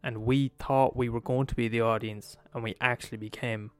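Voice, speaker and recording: A man with an Irish accent telling a story in a casual, animated way, swearing freely and checking in with the listener. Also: mid-range voice, moderate pace, smooth, no room sound, faint music behind. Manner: animated, swears a lot, asks the listener "right?".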